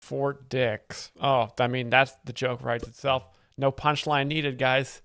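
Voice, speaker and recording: A man's voice: mid-range voice, level tone, takes it slowly, fairly bright tone, smooth, no echo, clean studio sound. A young man hosting a comedy live stream, explaining jokes in an ironic, fake-earnest, rambling way. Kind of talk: mock-expert comedy commentary.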